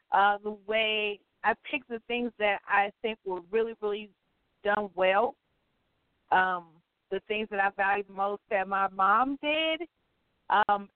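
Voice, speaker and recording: A woman's voice: mid-range voice, clean tone, no room sound. A woman co-hosting a casual talk show, blunt and teasing, who sometimes mixes up names. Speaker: co-host. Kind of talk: casual chat. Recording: phone-line audio.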